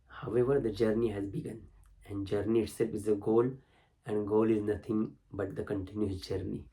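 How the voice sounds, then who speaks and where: Gravelly low-voiced male spiritual teacher. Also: level tone, warm tone, poor audio. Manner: slow and contemplative, with emphatic rises. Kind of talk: reading and explaining a spiritual text.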